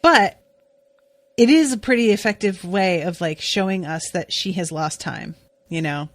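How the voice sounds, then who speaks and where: A woman's voice: fairly low pitch, moderate pace, dry recording. A woman co-hosting a podcast, recapping a TV episode in casual, chatty talk full of "like" and the odd swear. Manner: chatty, swears, many "like" fillers. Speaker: podcast co-host.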